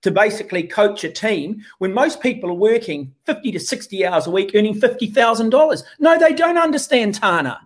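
A man's voice: high-pitched, animated, fairly quick, few pauses. A man co-hosting a rugby chat, ranting bluntly and sarcastically. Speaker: rugby podcast co-host. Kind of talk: opinionated sports chat.

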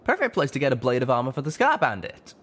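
A man's voice: mid-range voice, huge pitch swings, fast talker, fairly bright tone, husky, voice pushed up, exaggerated voice. A man doing a folksy young pony stallion. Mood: eager. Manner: folksy country-style talk with drawled slang. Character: scrappy young stallion pilot, folksy and practical. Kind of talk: audiobook reading of fan fiction.

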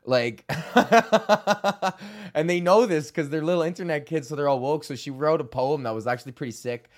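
A man's voice: a little high, moderate pace. A young man from Canada hosting his own podcast, rambling casually while stoned, swearing a lot and laughing often. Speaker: podcast host.

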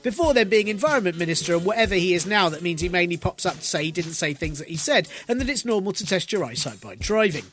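A man hosting a podcast, delivering a dry, mocking political comedy monologue with quick asides. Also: high-pitched, animated, fairly bright tone, soft background music. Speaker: podcast host.

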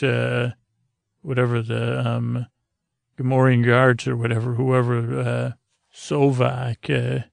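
A man hosting a podcast, casually recapping a TV episode in a rambling, low-key way full of "uh" and "he goes". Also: vocal fry, dry recording.

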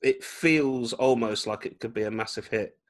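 A man's voice: medium pitch, moderate pace. A man hosting a podcast interview, chatting casually, enthusiastic and fan-like with hesitant fillers. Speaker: podcast host.

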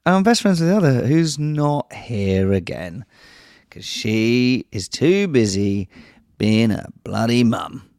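A man hosting a podcast in casual chat, an animated storyteller who swears freely and acts out voices. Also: medium pitch, slow, no room sound, studio quality. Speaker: podcast host.

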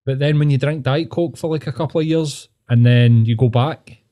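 A man's voice: mid-range voice, normal speed, lo-fi sound. A man with a Scottish accent co-hosting a podcast, chatting bluntly with plenty of swearing. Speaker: podcast co-host. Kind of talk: casual podcast chat.

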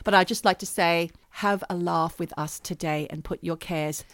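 A woman's voice: fairly low pitch, fairly even intonation, normal speed, fairly bright tone, no echo. Wry woman hosting a comedy podcast. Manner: wry, jokey, self-mocking. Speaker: podcast host. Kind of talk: casual comedic chat. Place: home recording studio. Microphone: close podcast mic.

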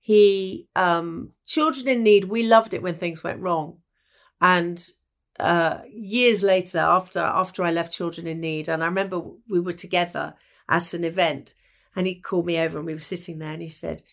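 A woman's voice: fairly low pitch, steady tone, normal speed, creaky. A woman from England, a broadcaster, reminiscing in conversation and acting out the voices of people she quotes. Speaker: broadcaster and guest.

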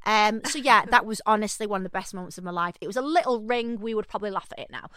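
A woman, telling animated, swear-filled stories as a podcast co-host. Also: mid-range voice, fast, clear, resonant tone, no echo, clean studio sound. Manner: animated, swears freely, acts out quoted voices. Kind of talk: casual storytelling chat.

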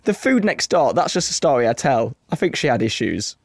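A man's voice: mid-range voice, very animated, fairly quick, vocal fry, no room sound, clean studio sound. A man co-hosting a podcast in casual chat, telling a story and laughing often. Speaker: podcast co-host.

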